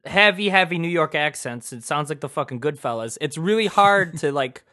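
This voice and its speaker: A man's voice: fairly high pitch, animated, normal speed, sharp tone. A man from Chicago with a Chicago accent, co-hosting a podcast in casual chat, rambling with lots of fillers and swearing. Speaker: podcast co-host.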